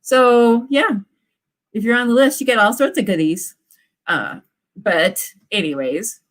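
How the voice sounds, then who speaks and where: A woman's voice: fairly high pitch, measured pace, long pauses. Bubbly chatty woman author streaming. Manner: bubbly, gushing, chatty with viewers. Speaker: author hosting live writing sprints. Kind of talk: casual livestream chat.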